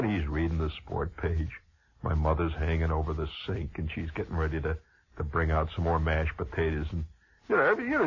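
Husky animated male radio storyteller. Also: very deep voice. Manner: animated, conversational, digressive. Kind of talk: rambling humorous radio monologue. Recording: dull lo-fi radio recording.

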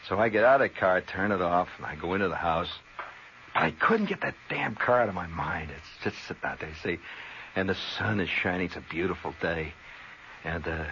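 A man's voice: deep voice, fairly bright tone. A man telling a long story on the radio in a rambling, conversational way full of asides and tag questions, heard on a slightly dull old radio recording with faint hiss.

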